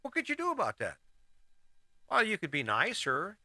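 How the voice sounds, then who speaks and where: A man's voice: high voice, huge pitch swings, moderate pace, bright, forceful tone, dry recording. A middle-aged man hosting a casual motivational monologue, rambling and restarting his sentences as he gives life advice. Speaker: host.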